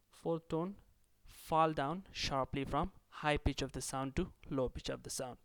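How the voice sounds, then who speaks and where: A man teaches beginners in a calm, explaining manner. His voice is smooth and clear, and the recording is dry and close, with no room sound. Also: on the high side, unhurried, no room sound. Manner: explains in English and Hindi-Urdu, drills words by repeating them loudly. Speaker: language teacher. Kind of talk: recorded vocabulary lesson.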